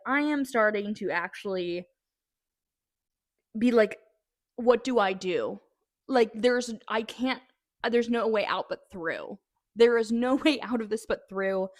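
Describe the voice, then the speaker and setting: A young woman telling a story to her camera in a casual, animated way, full of restarts and "like"s. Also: mid-range voice, no echo, clean studio sound. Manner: animated, breathless retelling with many "like"s and restarts. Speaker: vlogger.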